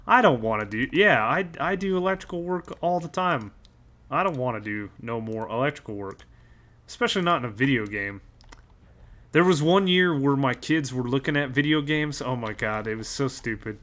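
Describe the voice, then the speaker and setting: A man's voice: mid-range voice, animated, moderate pace, a bit bright. A man in his thirties chatting casually on a live stream, rambling and joking, chuckling as he goes and greeting viewers by name.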